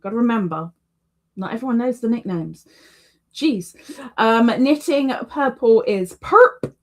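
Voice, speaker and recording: Slow, chatty woman hosting a stream. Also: fairly high pitch, animated. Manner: chatty, repeats words for emphasis. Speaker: livestream host. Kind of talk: casual livestream chat.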